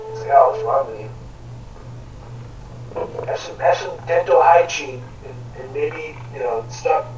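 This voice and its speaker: A man's voice: on the high side, darkish tone, dull audio. A man chatting casually while playing a game, swearing and rambling in long rants. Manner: crude, swearing, rambling ranting. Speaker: gamer. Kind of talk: casual gaming chat. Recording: echoey room, distant mic, faint noise.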